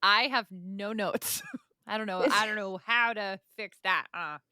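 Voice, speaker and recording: A woman co-hosting a running podcast, reacting quickly in casual chat. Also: medium pitch, sharp tone, no room sound, studio quality.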